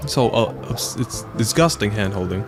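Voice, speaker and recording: A man hosting a let's play, chatting casually in a rambling, animated way and acting out quotes in silly voices. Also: on the low side, normal speed, over music. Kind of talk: casual gaming chat.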